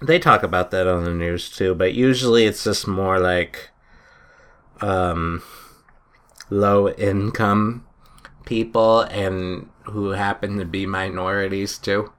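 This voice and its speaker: A man in casual chat among friends, joking and quick to tease. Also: deep voice, fairly even intonation, a bit bright, clear, resonant tone.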